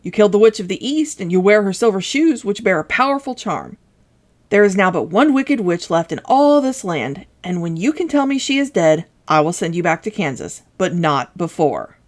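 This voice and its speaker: A woman's voice: mid-range voice, sing-song, normal speed, close to an everyday voice. Woman voicing Oz, a stern giant wizard head. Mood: commanding. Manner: loud, commanding, emphatic. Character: great disembodied wizard head, booming, stern.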